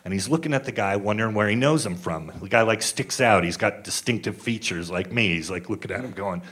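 A man's voice: lowish voice, very animated, fast talker, few pauses, a bit bright. Man telling a stand-up story. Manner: conversational, acting out quoted voices. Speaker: stand-up comedian. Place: comedy club stage. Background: audience laughter.

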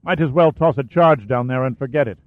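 A man's voice: mid-range voice, a little fast, no echo, close to an everyday voice. A man voicing a weary army officer holding out in a last stand. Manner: weary, gruff. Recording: dry, phone-like lo-fi sound.

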